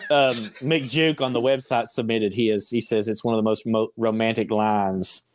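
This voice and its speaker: A man's voice: steady tone, moderate pace, slight background noise. A man co-hosting a podcast, reading out listener picks in casual chat and acting out quotes. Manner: reads listener picks, jumps into high put-on quotes. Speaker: podcast co-host.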